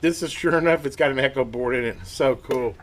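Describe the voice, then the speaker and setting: A man hosting a radio repair video, chatting casually and excitedly to viewers as he tests and works at his home workbench. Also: mid-range voice, brisk. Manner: excited, rambling, talks to viewers while working. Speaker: radio repair channel host. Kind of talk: casual hands-on workbench narration.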